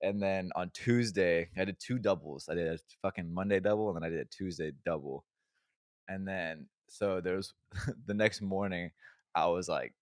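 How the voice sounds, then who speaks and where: A young man co-hosting a casual podcast, telling a story with lots of swearing, his voice climbing loud and high whenever he laughs at his own tale. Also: dry recording, clean studio sound. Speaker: podcast co-host. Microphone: remote podcast mic.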